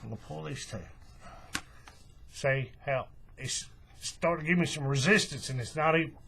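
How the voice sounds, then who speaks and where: Husky man talking through a craft tutorial. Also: on the high side, normal speed. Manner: relaxed, folksy step-by-step explaining. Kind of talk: hands-on tutorial walkthrough.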